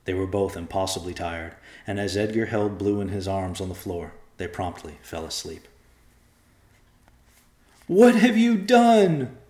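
A man narrating a dramatic story in a measured, grave manner. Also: low-pitched, fairly even intonation, darkish tone. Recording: echoey room.

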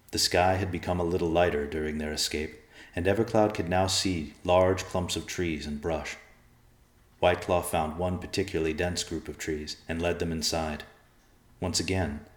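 A man giving a steady, measured audiobook narration of a fantasy tale. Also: low voice, reverberant.

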